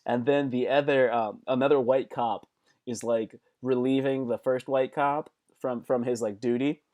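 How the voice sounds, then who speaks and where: A man hosting a casual live stream as a comedian, talking to viewers by name in an animated, repetitive way, swearing freely. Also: mid-range voice, moderate pace.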